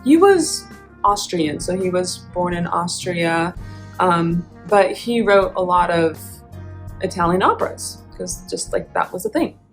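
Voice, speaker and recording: A woman's voice: on the low side, sing-song, a little slow, faint music behind, rough recording. A young adult woman, an opera singer, hosting a casual vlog and chatting in a rambling way with frequent laughs.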